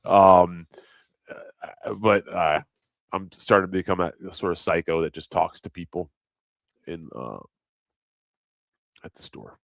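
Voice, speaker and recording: A man's voice: low voice, fairly even intonation, measured pace, gravelly, pauses often, dry recording. A middle-aged man rambling crudely in a casual livestream chat, reading comments aloud and laughing at himself.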